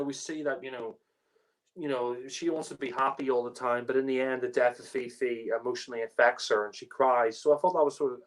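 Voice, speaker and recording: A man's voice: mid-range voice, low-quality recording. A man giving a casual spoken review, rambling with lots of fillers and restarts. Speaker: podcast panelist reviewing a TV story.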